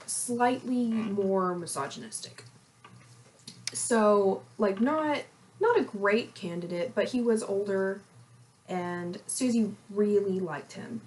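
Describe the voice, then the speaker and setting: A young woman in her twenties co-hosting a podcast, telling a gossipy story in a lively, animated way. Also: mid-range voice. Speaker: podcast co-host. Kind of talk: casual storytelling chat.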